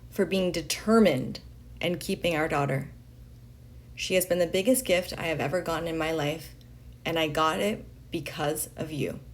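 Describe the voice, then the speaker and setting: A woman reading a letter aloud in a slow, deliberate way, pausing between phrases. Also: fairly low pitch. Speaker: reader of a letter.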